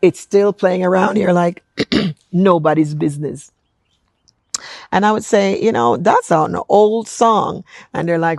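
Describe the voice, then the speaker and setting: A middle-aged woman from Jamaica with an American accent, telling stories in a chatty, animated vlog and acting out quotes. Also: fairly low pitch, a little slow, vocal fry, no room sound. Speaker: vlogger and apostle. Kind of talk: casual storytelling vlog.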